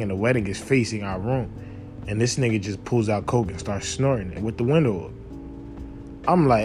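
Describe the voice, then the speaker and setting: A young man hosting a casual talk show, telling loose, profane stories in a relaxed way that breaks into loud, animated outbursts. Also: fairly low pitch. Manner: relaxed, laid-back while smoking. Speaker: podcast host. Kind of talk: casual storytelling monologue.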